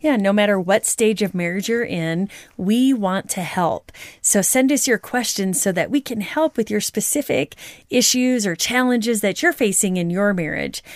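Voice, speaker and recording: A woman's voice: mid-range voice, animated, normal speed, no echo, clean studio sound. Earnest woman co-hosting a podcast. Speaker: podcast co-host. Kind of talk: casual married-couple podcast chat.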